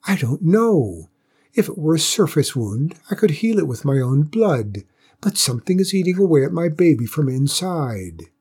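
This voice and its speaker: Man doing a desperate mother dragon for a storybook, voice pushed up high, husky edge. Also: big pitch swings, normal speed, a little mellow, exaggerated voice. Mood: distraught. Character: anxious mother dragon, fierce but grieving.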